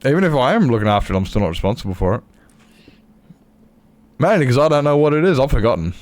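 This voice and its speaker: A man's voice: medium pitch, very animated, quick pace, a little mellow. An Australian man streaming a game, chatting casually and rambling in a self-mocking way with his viewers. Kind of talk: casual live-stream chat while playing.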